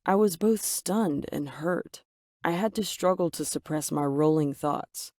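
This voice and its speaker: A woman's voice: deep voice, unhurried, a little mellow, no room sound, clean studio sound. A woman reading a scripted first-person story aloud in a dramatic, emotive way. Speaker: narrator.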